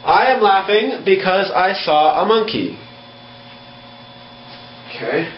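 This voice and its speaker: A man teaching a slow beginner English lesson. He spells words out letter by letter and acts out laughing and crying. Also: high voice, sing-song. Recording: echoey, dull room with faint hum.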